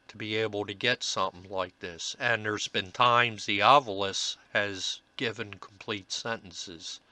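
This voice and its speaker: A slow-talking man with a lowish voice and a sharp, bright edge to it. He explains his paranormal investigation recordings in an earnest, reflective way, pausing often on fillers as he gathers his thoughts. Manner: halting, many filler pauses. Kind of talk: narrated commentary over recordings.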